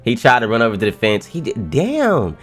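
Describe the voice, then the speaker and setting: A man reacting live to a new manga chapter, excitable and profane, often laughing and exclaiming loudly. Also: medium pitch, fairly quick, faint music behind.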